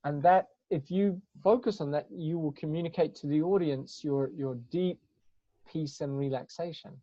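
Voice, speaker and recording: A man with a fairly high, warm voice reflects on communication during a webinar, speaking at a moderate pace while hunting for words and restarting them. The audio comes through a video-call mic and sounds dull and lo-fi.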